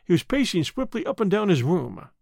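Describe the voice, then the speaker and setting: A man narrating a story in an expressive storytelling manner. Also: high-pitched, brisk, gravelly, dry recording, clean studio sound. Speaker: audiobook narrator. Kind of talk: scripted narration.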